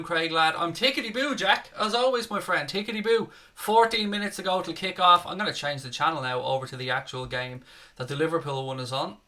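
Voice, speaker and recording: A man's voice: on the high side, pushed and bright. A young man with a Dublin Irish accent chatting casually on a live football watchalong, reading viewer comments and swearing freely at his desk. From Ireland (Dublin). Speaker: fan channel co-host running a live match watchalong. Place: home room, at his desk. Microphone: desk setup with webcam.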